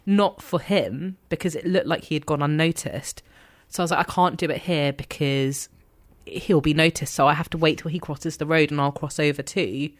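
A young woman telling an animated story in a chat, excitable and laughing often, acting out her own quotes. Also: low-pitched, normal speed. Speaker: guest telling a fan story.

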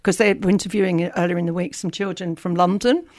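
A woman's voice: lowish voice, fairly even intonation, fast talker, a little mellow, no room sound, clean studio sound. Chatty woman co-hosting radio. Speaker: radio co-presenter. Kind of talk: casual radio chat.

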